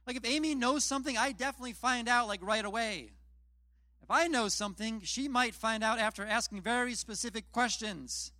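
Guy pastor chatting thru a sermon, highish voice, super dry close sound. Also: a little fast, bright, forceful tone, dry recording. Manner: retells scripture in plain, chatty storytelling; self-deprecating asides. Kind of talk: casual conversational sermon.

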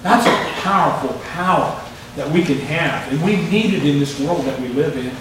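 A man's voice: fairly high pitch, normal speed, noisy background. A male pastor preaching a sermon, telling folksy stories between scripture readings, heard from a distance in a church with the congregation answering. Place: church sanctuary. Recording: echoey church from far off. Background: congregation responses.

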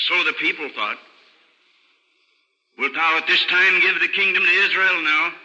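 Older preacher with a bright, ringing voice. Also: male voice. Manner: earnest storytelling preacher, dropping low and soft for sad passages. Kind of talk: sermon. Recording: old radio broadcast recording with long hall reverb.

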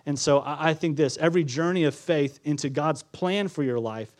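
A man's voice: fairly high pitch, normal speed. Earnest male pastor preaching a sermon. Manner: earnest, repeats key phrases, asks the congregation questions. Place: church before a congregation.

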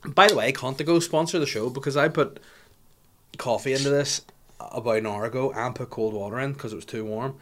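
A man's voice: medium pitch, brisk, a little hiss or hum. A young man hosting a comedy podcast, chatting in a rambling, sweary, mocking way. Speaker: podcast host. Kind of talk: casual comedic podcast chat.

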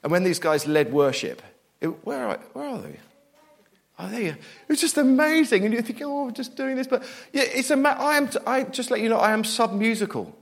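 A middle-aged man preaching a sermon, animated and self-deprecating, moving from loud bursts to hushed, quiet passages. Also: high voice, a little fast, gravelly.

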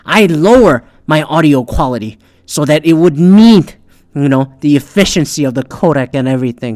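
A middle-aged man hosting a solo podcast, ranting in a profane, animated way and often restarting his sentences. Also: medium pitch. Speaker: podcast host.

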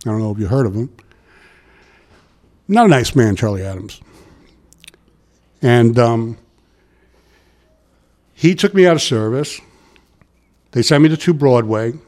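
Measured and pausing often, his medium-pitched voice belongs to a middle-aged man who retired from transit work. Giving a casual interview, he tells animated stories and acts out the quotes.

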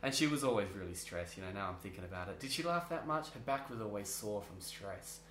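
A man, a drama teacher, chatting as an interview guest. He tells stories in an animated way, laughs often and restarts his sentences. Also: on the low side, quick pace, background noise. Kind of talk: casual interview chat. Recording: roomy echo.

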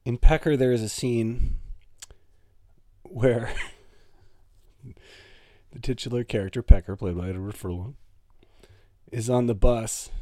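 A man's voice: medium pitch, darkish tone, no room sound, clean studio sound. A man from Toronto, hosting a solo comedic podcast in a playful, rambling way. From Toronto, Canada. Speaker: podcast host.

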